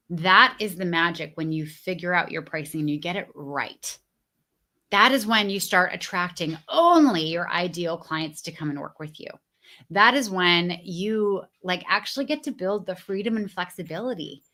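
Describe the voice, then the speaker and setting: A woman's voice: fairly low pitch, normal speed, pushed and bright. A woman business coach talking casually on a livestream from home, chatty and full of fillers and restarts, stopping to greet viewers in the chat.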